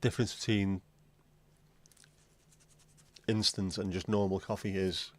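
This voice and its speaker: A man's voice: sits low, flat delivery, measured pace, dry recording. A man hosting a livestream, chatting casually and rambling from one joke to the next as he addresses his viewers. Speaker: livestream host.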